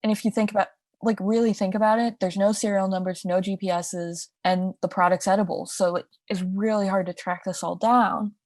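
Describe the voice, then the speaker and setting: A woman's voice: medium pitch, fairly even intonation, brisk, few pauses, a little mellow, no echo, clean studio sound. A young woman co-hosting a podcast, telling a crime story in a casual, chatty way with asides and restarts. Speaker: podcast co-host.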